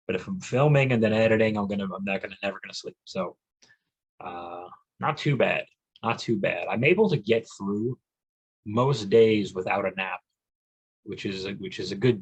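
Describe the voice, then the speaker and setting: A man's voice: lowish voice, a bit bright, husky, rough recording. A man in his forties hosting a solo comedy podcast, rambling and self-mocking, bursting into mock-macho rants. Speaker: podcast host.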